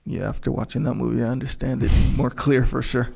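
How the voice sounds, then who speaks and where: A man's voice: mid-range voice, level tone, fairly quick, gravelly, warm tone, a little hiss or hum. A man co-hosting a podcast, telling a rambling story and acting out movie lines in casual chat. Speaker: podcast co-host.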